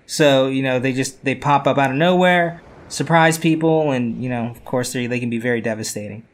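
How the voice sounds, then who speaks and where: A man's voice: medium pitch, a little fast. A man co-hosting a podcast, explaining things casually with repeated words and lots of "you know". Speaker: podcast co-host.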